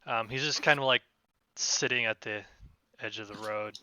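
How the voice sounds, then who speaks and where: A man narrating as game master of a tabletop role-playing game, relaxed and hesitant, with many fillers. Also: mid-range voice, moderate pace, background noise.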